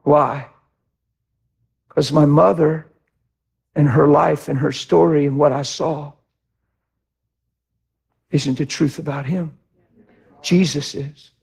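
Impassioned gravelly male preacher. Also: a little high, steady tone, takes it slowly, pauses often. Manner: impassioned, shifts between shouting and quiet reflection. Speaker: pastor. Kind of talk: sermon.

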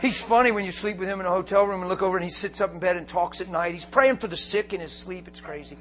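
A man preaching a storytelling sermon, animated and often laughing, breaking into shouts for emphasis. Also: high voice, fast.

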